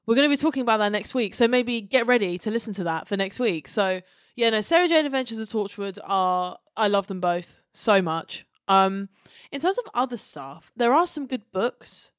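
A woman chats excitedly on a fan podcast, blunt and full of slang and swearing. Her voice is mid-pitched and sits close and dry, with no room sound. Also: dry recording. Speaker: podcast co-host. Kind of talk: casual chat.

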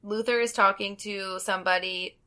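A woman's voice: medium pitch, steady tone, moderate pace, sharp tone. A woman co-hosting a podcast in casual chat, chatty and hesitant, laughing easily. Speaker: podcast co-host.

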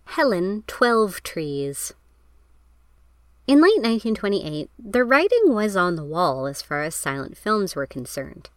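A woman's voice: mid-range voice, very animated, normal speed, few pauses, no echo, soft background music. Woman narrating film history, wry. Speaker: podcast host.

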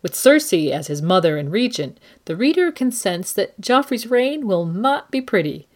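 A woman hosting a book podcast who analyzes the story and reads passages aloud in an expressive, measured way. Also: mid-range voice. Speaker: podcast host. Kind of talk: book analysis and dramatic reading. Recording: long reverb, loud music behind.

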